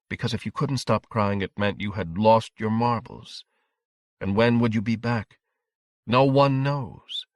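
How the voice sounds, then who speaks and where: Male audiobook narrator, low, dry close sound, steady pacing. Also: no room sound.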